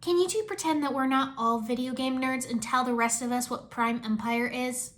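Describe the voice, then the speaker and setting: A woman voicing a sharp, skeptical young female ninja with a dry, questioning manner. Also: high voice, fairly even intonation, moderate pace, close to an everyday voice.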